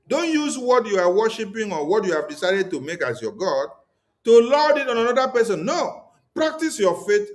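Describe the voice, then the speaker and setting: Scolding Nigerian man, mocking rhetorical tone. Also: on the high side. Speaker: online commentator. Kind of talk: impassioned political commentary.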